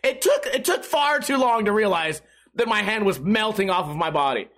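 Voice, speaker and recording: A young man with a notably high voice tells a personal story in casual vlog style. He swears freely, restarts sentences constantly and breaks into sharp, loud cries when acting out the pain. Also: normal speed. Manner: animated, swearing, restarts, bursts into yelps.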